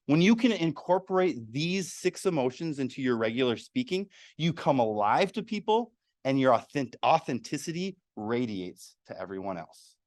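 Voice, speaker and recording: A man's voice: medium pitch, normal speed, hardly any pauses, dry recording, studio quality. A man presenting a public speaking workshop to a live room, quizzing the audience as he goes. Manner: animated, asks the audience questions. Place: meeting room.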